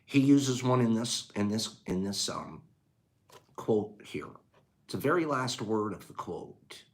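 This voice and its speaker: Older man with a lively, swinging pitch. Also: a little slow. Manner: swings between quiet musing and loud rhetorical outbursts; folksy, says gosh darn and dude. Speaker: host. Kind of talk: casual talk on a quote.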